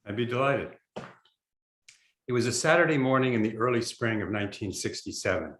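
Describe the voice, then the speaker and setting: A man reading aloud from his memoir in a measured storytelling way over a video call. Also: mid-range voice, lively intonation, a bit bright, slight background noise. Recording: roomy echo.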